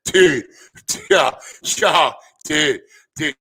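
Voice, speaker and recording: A man's voice: a little high, expressive, drawn-out words, vocal fry, pushed and bright, husky, full character voice. A man imitating a laid-back young male sports fan who drags out every "dude".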